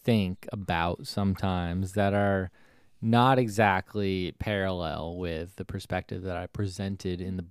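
A man with a low, smooth, resonant voice co-hosts a casual podcast. He talks loosely, hedging and restarting as he works through his thoughts, and the recording is dry and close. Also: steady tone, unhurried, no room sound. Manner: conversational, hedging, lots of restarts and fillers. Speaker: podcast co-host. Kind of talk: casual chat.

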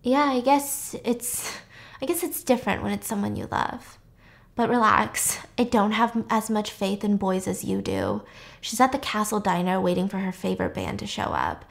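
A woman's voice: medium pitch, animated, normal speed, gravelly. A woman voicing a cold, mocking young woman who taunts with heavy sarcasm.

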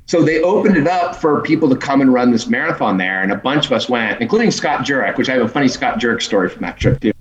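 A man telling stories as a podcast guest in an animated, casual way, laughing often and swearing freely. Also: mid-range voice, fast talker, hardly any pauses, highs cut off. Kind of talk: casual storytelling. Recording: roomy echo.

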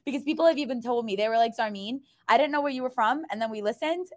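A young woman from Brooklyn with a New York accent, co-hosting a podcast in animated, filler-heavy casual chat. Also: a little high, fast talker, no room sound, clean studio sound. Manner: chatty, animated, lots of "like" fillers. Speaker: podcast co-host.

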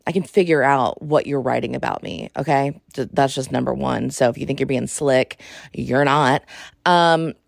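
A young adult woman hosting a podcast, talking in a sassy, exasperated, animated way. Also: sits low, gravelly, no room sound, studio quality. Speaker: podcast host. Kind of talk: casual monologue.

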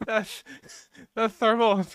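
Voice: medium pitch, dry recording, studio quality. A podcast host chatting casually, playful and laughing a lot. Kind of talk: casual joking chat.

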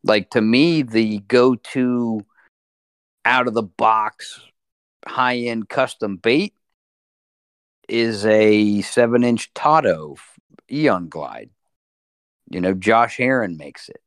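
A man, a podcast guest, in casual chat and explaining things in a relaxed way. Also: on the low side, takes it slowly, pauses often, smooth, no room sound, clean studio sound. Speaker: podcast guest, fishing industry sales director.

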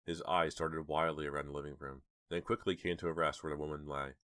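A man narrating a horror audiobook in a steady, measured storytelling manner. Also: a bass voice, no room sound, clean studio sound.

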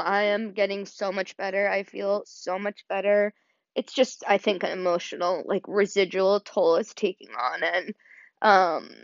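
A young woman hosts a solo podcast, talking casually with lots of fillers and growing emotional, at times choked up. Her voice is mid-range, and the audio is dull and dry with no room sound.

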